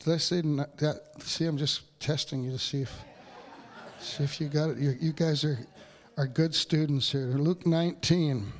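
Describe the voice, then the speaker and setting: A pastor preaching a sermon in a church, talking to the congregation in a loose, conversational way with fillers and asides. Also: male voice, moderate pace, a faint crowd. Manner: builds to excited, higher-pitched preaching.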